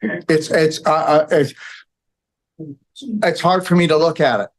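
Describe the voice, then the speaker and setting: A man lecturing to a live audience in a room, his voice sitting fairly high for a man. He rambles and presses his points hard, forever tacking on okay and all right. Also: steady tone, a little slow.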